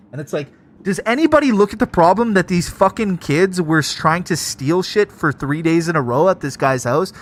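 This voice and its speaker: A young man live-streams a game and rants to his viewers, swearing freely and leaning hard on his points. His voice sits at an ordinary middle pitch, with faint noise behind it. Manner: profane, ranting, emphatic. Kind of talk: casual gaming livestream chat.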